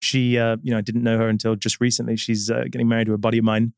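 A man with a British accent, a business guest telling stories in a relaxed interview, thoughtful and full of small pauses. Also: mid-range voice, gravelly, clean tone, no room sound, clean studio sound. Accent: British English. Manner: measured, reflective storytelling with many fillers. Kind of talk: casual interview chat.

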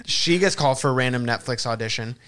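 A man's voice: mid-range voice, fast talker, a bit bright, smooth. A young man, a podcast guest in casual chat, jokey and teasing.

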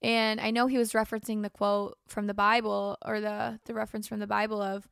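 A woman's voice: mid-range voice, little pitch movement, fairly quick, creaky, a bit bright, clear, resonant tone, no echo, studio quality. A young woman host talking through a casual, rambling personal monologue, emotional and tearful, with many fillers. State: crying. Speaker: podcast host.

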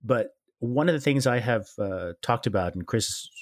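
This podcast host has a mid-range voice with lively intonation and speaks at a normal speed, captured in clean studio sound with no echo. In a casual interview chat, he asks questions in a rambling, friendly way, full of fillers and restarts.

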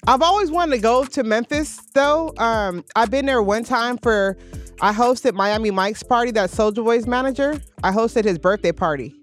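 A young adult woman from hosting an interview, telling a story in a casual, profane, animated way. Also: fairly high pitch, normal speed, soft background music. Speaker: podcast host.

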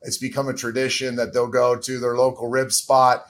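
A middle-aged man speaking as an interview guest at an ordinary mid-range pitch. He talks earnestly and reflectively, often pausing on fillers as he works through his thoughts. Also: completely flat delivery, fairly bright tone. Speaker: guest, former pro quarterback. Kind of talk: candid interview answers.

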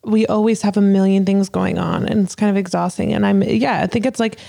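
A woman co-hosts a podcast in easy, casual talk, supportive and quick to swear. Her voice is mellow and dark-toned with a creaky fry. She sounds like a close friend talking plainly. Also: medium pitch, fairly even intonation. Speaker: podcast co-host. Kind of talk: casual chat.

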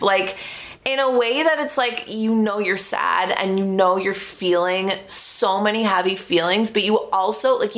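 A woman's voice: mid-range voice, a bit bright. A young woman talking casually to camera as a vlogger, earnest and rambling, with many "like" fillers.

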